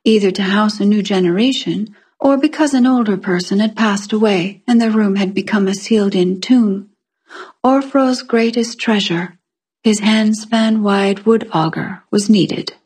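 A woman narrating a fantasy short story in a calm, measured way. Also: medium pitch, breathy edge. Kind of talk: scripted fiction narration.

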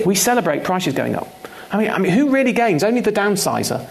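Man, fairly high and gravelly, emphatic guest speaker who hammers points home. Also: very animated, fast, a little hiss or hum. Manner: emphatic, repeats key points for stress. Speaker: guest speaker, consumer finance campaigner. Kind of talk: live on-stage conversation.

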